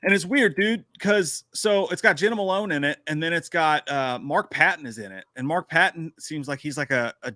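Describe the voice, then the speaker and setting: A man co-hosting a casual live-stream movie news show, animated and laughing often. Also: a little high, normal speed, few pauses, no echo, studio quality. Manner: animated, laughing, jumps into sung and silly voices. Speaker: podcast co-host.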